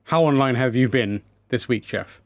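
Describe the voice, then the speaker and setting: A man's voice: mid-range voice, moderate pace, dry recording. Rambling, playful podcast host, a man. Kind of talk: casual chat.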